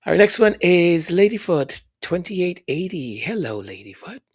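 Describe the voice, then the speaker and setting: A man hosting a podcast who reads listener comments aloud, speaking softly and haltingly, often whispering his thanks and sounding moved. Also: high voice, sing-song, husky, no echo, clean studio sound. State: moved, emotional. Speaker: podcast host. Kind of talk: casual chat reading listener comments.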